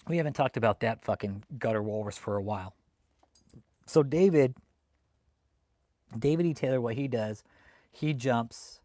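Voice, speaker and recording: A man's voice: medium pitch, moderate pace, pauses often, no room sound. Man ranting and swearing on a livestream. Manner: heated and swearing, with loud outbursts. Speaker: livestream host reading chat. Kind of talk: profane ranting live commentary.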